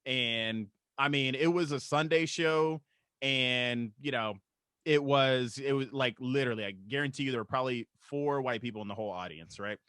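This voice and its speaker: A man's voice: medium pitch, normal speed, a bit bright, dry recording, clean studio sound. A young adult man, a stand-up comedian, telling a loose, profane story on a casual podcast. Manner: loose, profane, laughs through his story.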